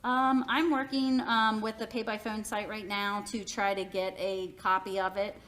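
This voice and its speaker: A woman's voice: medium pitch, little pitch movement, moderate pace, fairly bright tone, slight background noise. A woman presenter answering audience questions at a public event, helpful and a little hesitant.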